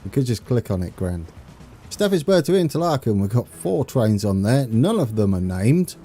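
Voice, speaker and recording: A man's voice: medium pitch, sing-song, normal speed, mellow. A man from the UK chatting casually with viewers on a live stream while playing a train game, rambling and chuckling as he reads chat. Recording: faint game music behind.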